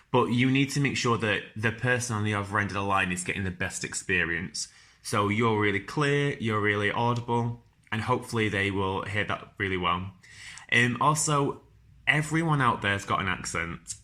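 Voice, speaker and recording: Bright-voiced Northern English man. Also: on the low side. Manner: chatty, informal, lots of ums and restarts. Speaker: podcast host giving careers advice. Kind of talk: casual advice talk.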